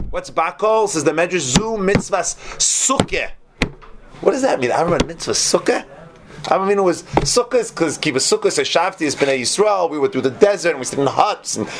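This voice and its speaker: A man giving an animated sermon on faith, repeating his points and telling stories to a live audience. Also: mid-range voice. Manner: animated, repetitive, storytelling preacher. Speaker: Torah teacher.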